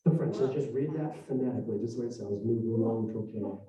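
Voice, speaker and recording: A middle-aged man gives a lively, conversational live storytelling presentation on history in an arts center hall, acting out dialogue. He speaks quickly in a medium-pitched voice, and the audio is dull and echoey, captured by a distant mic.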